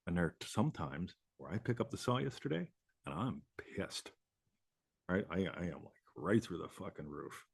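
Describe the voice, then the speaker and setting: A man's voice: deep voice, very animated, moderate pace, gravelly, breathy edge, no room sound, studio quality. A man hosting a live show, talking casually in a rambling way, swearing and laughing often. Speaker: host.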